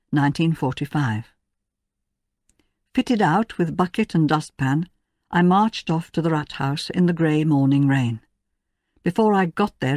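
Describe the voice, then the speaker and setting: A woman reading a first-person audiobook in a measured, even storytelling manner. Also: low voice, no echo, clean studio sound. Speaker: audiobook narrator. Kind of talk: scripted first-person narration.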